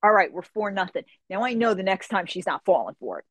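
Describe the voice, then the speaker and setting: A young woman telling a story in an animated way, acting out the people in it and swearing casually. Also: medium pitch, quick pace, no echo. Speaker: guest.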